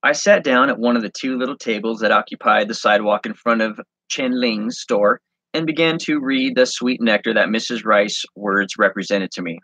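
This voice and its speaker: A man reading his handwritten story aloud, halting and correcting himself as he goes. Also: on the low side, pushed and bright, dry recording. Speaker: online reseller and host.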